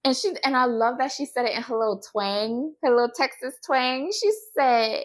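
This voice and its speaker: A woman's voice: on the high side, normal speed, few pauses. A woman hosting a casual chat about a TV show. She talks to her viewers directly and drives her points home with a repeated "okay?". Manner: animated, emphatic, keeps adding "okay?"; addresses viewers directly as "y'all". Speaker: host reviewing a TV show.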